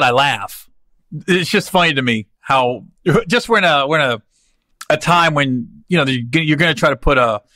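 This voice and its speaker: A man's voice: medium pitch, no room sound. A man hosting a podcast, telling comic stories in a casual, slangy, rambling way. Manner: animated, slangy, rambling with restarts. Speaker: podcast host and comedian.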